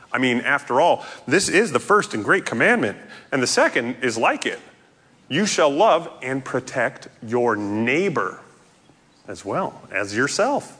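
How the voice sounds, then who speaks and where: A man preaching a sermon in an animated, playful way, jumping to loud highs and dropping to quiet asides. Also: husky. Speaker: pastor. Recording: echoey hall reverb.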